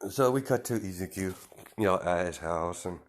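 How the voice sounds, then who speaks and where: Man, low voice, loose improvised fan-story narration full of fillers. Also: normal speed. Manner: rambling, many restarts and "you know"s.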